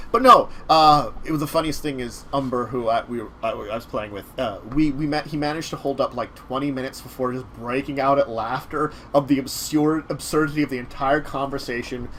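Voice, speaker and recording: On a casual talk show, a male host with a mid-range, slightly bright voice rambles through a game master's recap of games. He halts often, restarting sentences and using fillers, over a faint hiss or hum.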